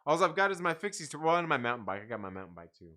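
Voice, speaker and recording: Profane, animated livestream host, man. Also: a little high, racing. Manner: profane, rambling, laughs often. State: tired. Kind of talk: casual live chat reading viewer comments.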